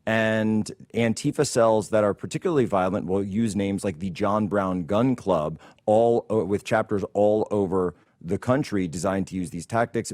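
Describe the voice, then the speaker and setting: A man's voice: deep voice, darkish tone, no echo, studio quality. A man hosting a political commentary show, ranting in a combative, indignant way. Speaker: host.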